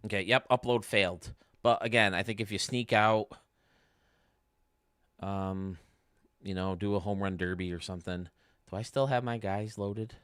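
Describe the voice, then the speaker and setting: A man's voice: lowish voice, fairly even intonation, moderate pace, a bit bright, smooth, no room sound, clean studio sound. A man hosting a casual livestream from home, chatting as he explains game menus step by step. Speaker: YouTube gaming streamer.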